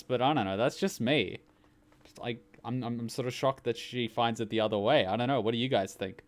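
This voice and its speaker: A man with an Australian accent, hosting a reaction video in rambling, animated casual commentary. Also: mid-range voice, fairly quick. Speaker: reaction channel host.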